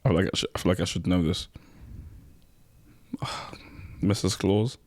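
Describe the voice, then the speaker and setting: A man's voice: deep voice, steady tone, normal speed, darkish tone, no echo. A man co-hosting a podcast in casual chat, teasing his co-host and restarting his sentences as he works through a point. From Nigeria.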